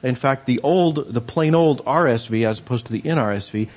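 A man's voice: medium pitch, a little fast, a little mellow. A man preaching a sermon in a conversational storytelling way, with fillers and restarts.

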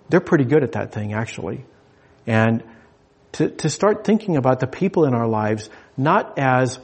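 A man preaching a sermon in a relaxed, conversational way, often restarting phrases and chuckling as he goes. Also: medium pitch, breathy edge.

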